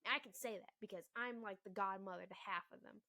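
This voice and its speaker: A young woman in her twenties, a mother, ranting bluntly to the camera about relationships with heavy swearing and loud emphatic bursts. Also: medium pitch, brisk, no room sound. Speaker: mother and vlogger.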